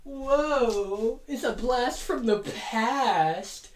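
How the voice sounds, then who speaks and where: Profane, excitable woman in a roomy echo. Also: fairly high pitch. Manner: profane, excitable, rapid-fire comic storytelling. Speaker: host. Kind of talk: comedic fantasy wrestling booking monologue.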